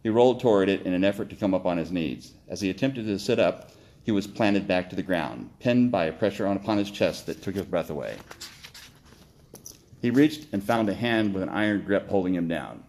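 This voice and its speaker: A man reading his own story aloud, steady with occasional slips and self-corrections. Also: low-pitched, fairly quick, a little hiss or hum.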